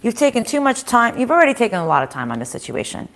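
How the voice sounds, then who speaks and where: A woman's voice: a little high, very animated, fast talker. A woman giving a casual tarot reading at home, chatting to viewers, voicing their inner thoughts and swearing freely. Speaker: tarot reader. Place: home kitchen in a house.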